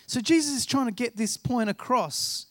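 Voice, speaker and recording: Male pastor, 30s, high voice, close and dry, self-deprecating storyteller. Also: moderate pace, fairly bright tone, no room sound. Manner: chatty, self-deprecating, acts out dialogue. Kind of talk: sermon with personal storytelling.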